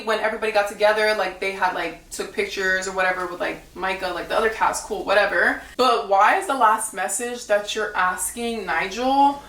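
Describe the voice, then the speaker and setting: A woman's voice: mid-range voice, fairly even intonation, normal speed, hardly any pauses, fairly bright tone. Blunt young woman in an echoey room. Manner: blunt, gossipy, heavy use of "like". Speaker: reality dating show contestant. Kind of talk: casual storytelling to camera. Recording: echoey room, mic at a distance.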